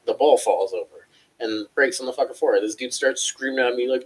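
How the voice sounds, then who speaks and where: A man's voice: mid-range voice, fairly quick, husky, low-quality recording. A man co-hosting a casual chat show, telling a long, profane story and acting out the people in it. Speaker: co-host.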